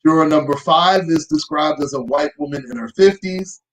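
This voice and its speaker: A woman's voice: low-pitched, normal speed, poor audio. Lady host reading news off her phone, dry sarcastic little asides in between. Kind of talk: reading news aloud with commentary.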